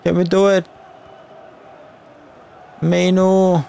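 A young man giving live commentary over a football video game, shouting at the referee in frustrated outbursts. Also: high voice, monotone, drawn-out words, vocal fry, clean tone. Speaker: gaming YouTuber.

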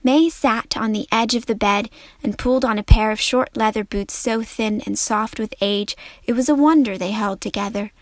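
A woman narrating an audiobook in a measured, storytelling manner. Her voice sits a bit high and sounds dry and close, with no room around it. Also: no room sound. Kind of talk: scripted narration.

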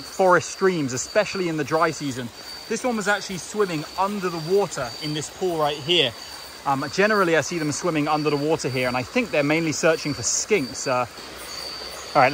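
Excited man herping at night. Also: a little high. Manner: enthusiastic, chatty, breaks into quiet asides. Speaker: reptile field herper. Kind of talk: casual nature vlog narration. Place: outdoors at night in jungle by streams and a road. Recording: outdoor night with loud insect noise. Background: insects and crickets at night.

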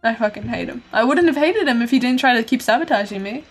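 A woman's voice: on the high side, animated, quick pace, husky, soft background music. A woman streaming a video game, talking casually and swearing freely as she reacts to the story. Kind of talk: casual gameplay commentary.

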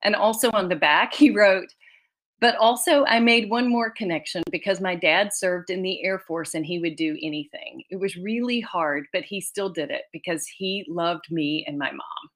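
Speaking at normal speed in a lowish voice, a children's author addresses a conference by video call. She reads out letters from readers, frequently laughing and growing tearful.

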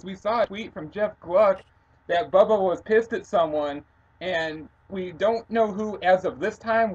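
A male co-host introduces the segments of a casual racing podcast in a relaxed tone. His voice is husky. The recording sounds dull and lo-fi. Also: high voice. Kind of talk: casual sports podcast chat.

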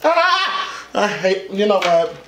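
High-pitched, with big pitch swings and a moderate pace, a man gives casual commentary on a music video, sassy, profane, and flamboyant. He gasps and squeals, emotional and close to tears, in an echoey, noisy room with music behind him.

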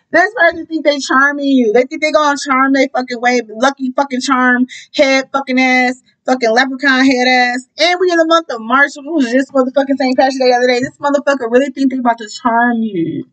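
High-voiced profane woman reading tarot. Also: a little fast, poor audio. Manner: profane, animated, breaks into song. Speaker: tarot reader. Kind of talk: casual tarot reading with singing.

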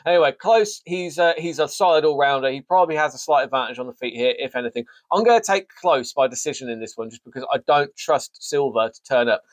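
A man's voice: medium pitch, dry recording. A man hosting a sports show, casually previewing a fight card with jokey, rambling, self-mocking asides. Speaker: sports podcast host.

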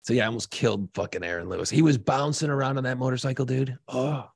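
This podcast co-host, a middle-aged man from New Orleans, tells a long story casually, swearing freely and acting out its voices with profane, animated flair. He talks fast at medium pitch, with a creaky voice and breathy edge, in a dry recording.

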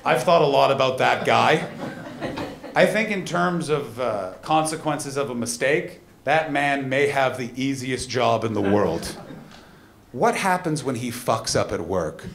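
A man performing a stand-up comedy set live, moving between quiet somber storytelling and loud punchlines. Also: medium pitch, expressive, unhurried, vocal fry. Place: live comedy venue at a festival. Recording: roomy live venue with audience noise.

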